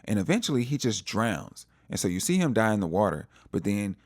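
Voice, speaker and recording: A man recapping a TV episode in a casual, animated storytelling way, acting out the characters' lines. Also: fairly low pitch, a little fast, no room sound, clean studio sound. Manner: animated storytelling, acts out quotes. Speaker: TV recap vlogger.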